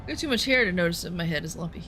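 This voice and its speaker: Bright-voiced woman rambling over gameplay. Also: on the low side, lively intonation, very fast, a little hiss or hum. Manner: chatty, profane, rambling asides. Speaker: game streamer. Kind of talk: casual gameplay commentary.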